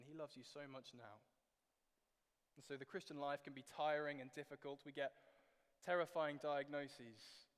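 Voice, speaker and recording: A man's voice: mid-range voice, in a large hall. A man preaching a sermon in a church, speaking conversationally and asking many rhetorical questions.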